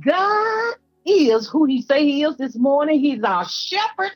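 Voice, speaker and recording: A woman's voice: sits high, sing-song, unhurried, faint music behind, rough recording. A woman preacher from Georgia, giving a fervent, rhythmic testimony with repetitions, her voice teary and breaking at times. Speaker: apostle, guest preacher.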